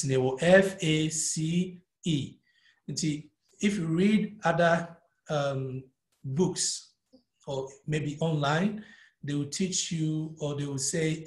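Slow, echoey Ghanaian man teaching music. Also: fairly high pitch, darkish tone. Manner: mixes English and Twi, spells out note names one by one. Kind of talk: live-streamed music theory lesson. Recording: echoey room.

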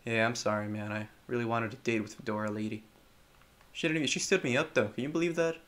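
A young man giving casual, joking commentary on a horror game, chatting to the characters and breaking into loud yelps. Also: medium pitch, fairly even intonation, fast talker. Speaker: gameplay commentator.

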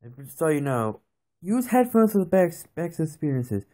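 A man's voice: on the high side, big pitch swings, moderate pace, dark tone. A young man casually commenting on a phone game he is playing, rambling and nervous, recorded on the phone itself. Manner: nervous, jumpy, rambling with fillers. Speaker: gaming channel host.

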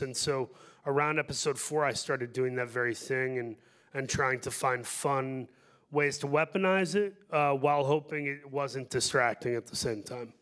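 A man's voice: mid-range voice, normal speed, fairly bright tone. A man answering questions at a film festival panel, joking and rambling in a self-deprecating way. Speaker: actor on a panel.

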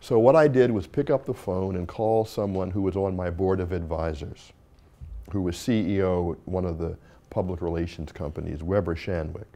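Low mellow-voiced male lecturer. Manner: storytelling with asides and self-corrections. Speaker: university dean lecturing a class. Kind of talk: informal classroom talk. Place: classroom.

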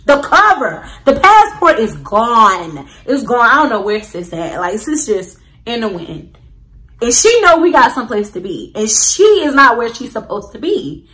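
A woman's voice: a little high, big pitch swings, measured pace, bright, forceful tone, poor audio. A young woman telling a storytime to her viewers in a casual, slangy way, talking straight to the audience. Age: young adult. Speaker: vlogger.

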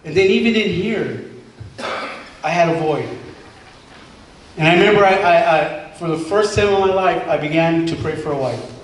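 A man's voice: fairly high pitch, normal speed, long pauses. A man in his forties giving an earnest personal testimony to a congregation, repeating himself and acting out quoted dialogue, recorded from a distance in a large church hall. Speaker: former member giving testimony. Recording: echoey hall from far off, faint hiss.

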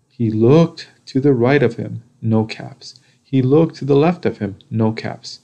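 A man reads a children's storybook aloud at a very unhurried pace. His voice has a gravelly fry, and he lingers over the repeated phrases with pauses. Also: medium pitch, mellow. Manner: slow, deliberate, with repetitions and pauses. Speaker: storybook reader.

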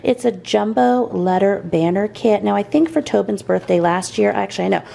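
Brief: woman in her forties, enthusiastic haul vlogger, gravelly tone, recorded at a distance in an echoey room. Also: mid-range voice, moderate pace, warm tone, a little hiss or hum. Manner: gushing, enthusiastic, rambling asides. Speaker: mom vlogger showing a thrift haul. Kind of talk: chatty haul vlog. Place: at home, in a sitting area. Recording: roomy echo, voice heard from a distance.

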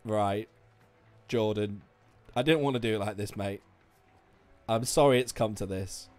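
A man streaming a video game, commenting live with swearing, shouting and laughing. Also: fairly low pitch, measured pace, no echo, faint music behind.

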